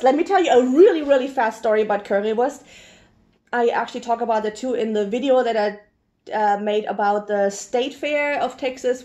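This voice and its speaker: Animated high-voiced German woman. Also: lo-fi sound. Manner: chatty, animated storytelling. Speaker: vlog host. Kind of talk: casual snack review chat.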